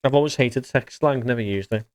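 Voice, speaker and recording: Brisk and a little mellow, this mid-range male voice belongs to a gamer chatting casually on a livestream. He reads his chat out loud, talks bluntly with plenty of swearing, and chuckles frequently.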